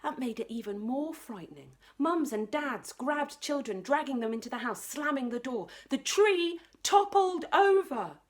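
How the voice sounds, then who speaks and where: Female librarian narrator for a kids' storybook; slow, animated, whispers at tense moments. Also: sits high. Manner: expressive, drops to whispers for tension. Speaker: librarian reading aloud. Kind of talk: children's storybook read-aloud.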